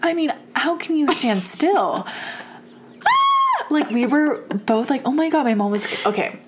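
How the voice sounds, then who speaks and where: A young woman telling a story in casual chat, animated and profane, laughing often. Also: sits high, moderate pace, heavy background noise.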